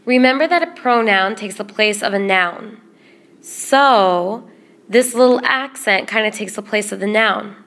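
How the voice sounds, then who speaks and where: A woman teaching a Spanish grammar lesson in English, explaining patiently and repeating word lists slowly. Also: mid-range voice, a bit bright.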